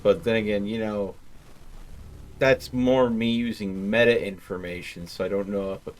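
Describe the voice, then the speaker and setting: A man playing in a tabletop role-playing game, thinking out loud and explaining his reasoning at length. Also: fairly low pitch, fairly even intonation, normal speed. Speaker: player. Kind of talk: casual tabletop game chat.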